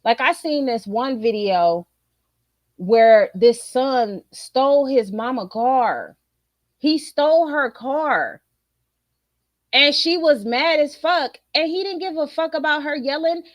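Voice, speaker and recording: A woman's voice: high voice, lively intonation, slow, no echo, studio quality. Blunt, profane middle-aged woman ranting. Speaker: streamer giving opinions. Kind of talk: casual opinion rant to viewers.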